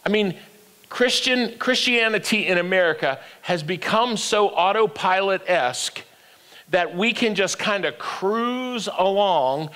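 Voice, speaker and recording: A man's voice: sits high, a bit bright, big-room sound. An older man preaching a sermon as pastor, with call-and-response that climbs to emphatic peaks. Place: church sanctuary.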